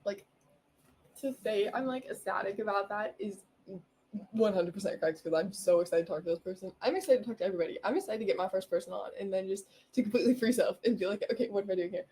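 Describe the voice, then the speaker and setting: Young woman rambling on her podcast, bubbly and giggly, mellow voice, faint room noise. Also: medium pitch, brisk, rough recording. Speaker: podcast host. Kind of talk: casual solo podcast chat.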